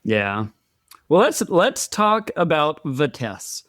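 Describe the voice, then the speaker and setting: A man's voice: a little high, very animated, takes it slowly, a bit bright, no echo, clean studio sound. A man hosting a podcast interview, chatty and friendly, often repeating words as he talks. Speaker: podcast host.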